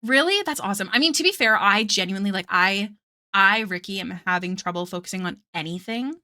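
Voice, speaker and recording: This woman's mid-range voice is sharp, with lively intonation and a fairly quick pace. As an art streamer, she chats casually while drawing, rambling with fillers and small giggles and talking to live viewers between tangents.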